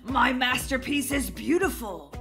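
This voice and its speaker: A woman playing a playful, gravelly God. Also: sits high, animated, a little slow. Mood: joking. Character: playful forgetful male God granting wishes. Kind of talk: voiced game role-play. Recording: music playing behind.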